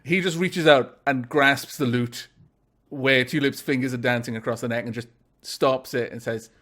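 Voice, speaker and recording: A man playing a tabletop role-playing game, describing his character's actions in a relaxed way with chatty asides. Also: medium pitch, normal speed. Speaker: player.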